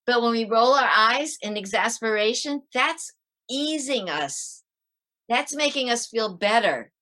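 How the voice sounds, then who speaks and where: A middle-aged woman on a video call, giving parenting advice in a lively interview and acting out her tips with sighs. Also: fairly high pitch, unhurried. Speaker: parenting author guest. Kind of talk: animated interview talk.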